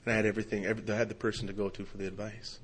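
A man's voice: on the low side, little pitch movement, very fast, breathy edge. A middle-aged man telling a heartfelt personal recovery story at a meeting, rambling with many fillers and restarts. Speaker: speaker sharing his recovery story. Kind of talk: personal testimony talk.

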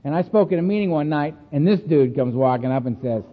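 A man with a high-pitched voice tells stories at a recovery meeting, talking fast in an animated, chatty way and laughing often between lines. The sound is thin and tinny like a phone line, with a long echo from the meeting hall.

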